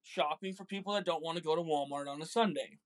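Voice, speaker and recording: A man hosting a casual podcast with his son, telling stories in an animated, joking way. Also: fairly high pitch, quick pace. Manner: animated, jokey, acts out voices in stories. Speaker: podcast host, father. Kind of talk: casual storytelling chat.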